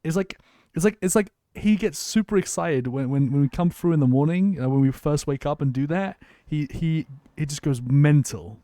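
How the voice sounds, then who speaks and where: A man's voice: on the high side, animated, normal speed, warm tone, dry recording. A man chatting casually on a live stream, rambling with lots of restarts and frequent swearing.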